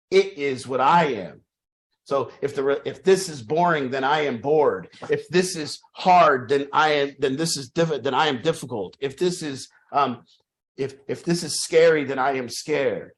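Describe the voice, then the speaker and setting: A man leading a support group, talking emphatically, repeating key phrases with restarts and the odd swear word. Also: a little high. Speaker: group leader. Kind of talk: motivational group talk.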